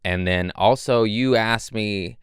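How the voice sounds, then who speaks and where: A young man chats as a podcast guest, piling stories on top of each other with crude jokes and quick restarts. His voice sits a little low and sounds smooth and clean. The recording is close and dry. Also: dry recording. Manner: rambling, excitable storyteller, crude humor. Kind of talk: casual podcast chat.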